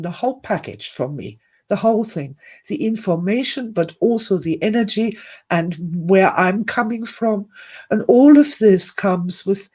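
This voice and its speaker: A woman's voice: medium pitch, dark tone. A woman hosting a live-streamed talk to her viewers, emotional and teary, speaking candidly, repeating words and swearing now and then. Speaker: host.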